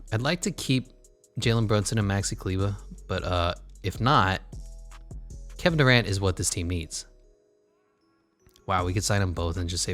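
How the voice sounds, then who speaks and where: A man's voice: lowish voice, a bit bright. A man commentating his basketball video game in a casual, sarcastic way, swearing and muttering asides. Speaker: gaming channel host.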